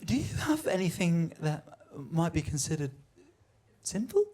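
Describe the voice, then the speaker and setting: Animated stand-up comedian, high voice. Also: male voice, unhurried. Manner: conversational, animated, acts out quoted voices. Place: comedy venue with live audience.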